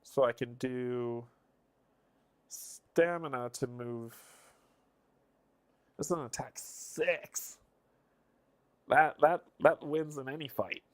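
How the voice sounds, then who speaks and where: A man's voice: mid-range voice, slow, pauses often. A man streaming live, casually thinking aloud and counting his moves as he plays a board game. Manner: muses and counts moves under his breath.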